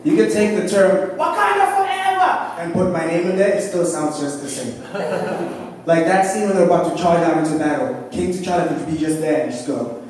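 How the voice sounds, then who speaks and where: A man from doing an animated stand-up set on a club stage, often laughing at his own jokes. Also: fairly high pitch, normal speed. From South Africa. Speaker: stand-up comedian. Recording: echoey club from far off.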